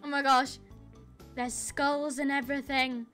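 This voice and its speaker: A woman's voice: sits high, little pitch movement, unhurried, fairly bright tone, soft background music. A young woman playing a game and commenting with squeals, gasps and laughter, calling her partner sis. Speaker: gaming YouTuber. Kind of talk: excited roleplay gameplay commentary.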